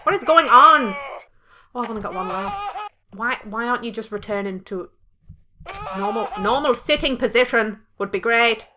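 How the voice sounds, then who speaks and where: A young woman giving loud, profane, jokey commentary while playing a video game. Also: fairly high pitch, moderate pace, noisy background. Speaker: gameplay streamer. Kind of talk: let's play commentary.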